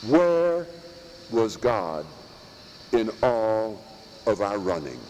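A priest preaching a sermon in slow, emphatic phrases, with long pauses and pointed rhetorical questions. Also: male voice, on the low side, big pitch swings, darkish tone, big-room sound, slight background noise, low-quality recording. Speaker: priest teaching at a monastery. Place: church or monastery chapel.

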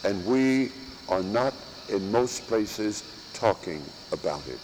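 A priest preaching a sermon in slow, emphatic phrases, with long pauses and pointed rhetorical questions. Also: male voice, fairly low pitch, expressive, a little mellow, long reverb tail, a little hiss or hum, poor audio. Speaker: priest teaching at a monastery. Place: church or monastery chapel.

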